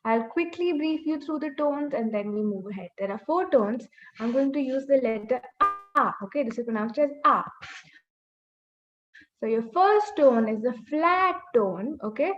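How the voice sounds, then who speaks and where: A woman's voice: high-pitched, lively intonation, moderate pace, faint music behind. A woman teaching a beginner Mandarin lesson online, patiently repeating key points and modeling sounds. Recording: slightly muffled webinar audio.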